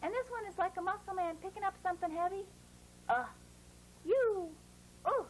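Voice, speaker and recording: Very high-voiced woman teaching phonics. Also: slight background noise, poor audio. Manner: slow, drawn-out letter sounds, coaxing children. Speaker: handwriting teacher for children. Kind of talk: children's phonics lesson.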